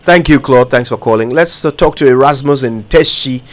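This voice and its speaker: A man's voice: medium pitch, normal speed. A man hosting a radio call-in show, greeting callers with short friendly replies. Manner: friendly, brief acknowledgements.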